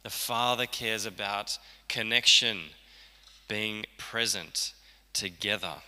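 A man preaching a sermon in a loose, conversational way, slipping into the voices of the people he quotes. His voice is very bright and cutting, with a long hall reverb trailing behind it. He speaks from a church hall. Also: on the low side, takes it slowly. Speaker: pastor.

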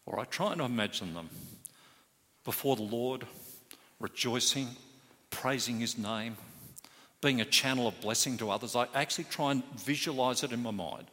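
A man's voice: mid-range voice, moderate pace, a bit bright. A man preaching a sermon as pastor, earnest and emphatic, stressing key words. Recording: hall reverb.

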